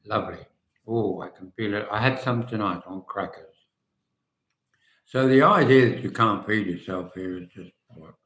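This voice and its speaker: An English man in his seventies chatting casually and frankly to viewers on a live stream, rambling and trailing off quietly at the ends of phrases. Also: on the low side, normal speed. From England. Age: 70s. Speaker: vlogger. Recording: echoey room.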